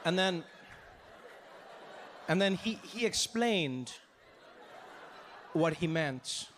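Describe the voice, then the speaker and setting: A male stand-up comedian from Africa telling a story in an animated way, his voice climbing into frantic high bursts. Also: very slow, a faint crowd, a little hiss or hum.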